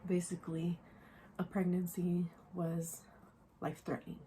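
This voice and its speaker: A woman's voice: fairly low pitch, completely flat delivery, unhurried, dark tone, slight background noise. A young woman vlogger telling a personal story casually, rambling and candid with many fillers, sometimes dropping into a whisper. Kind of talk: casual storytime while getting ready.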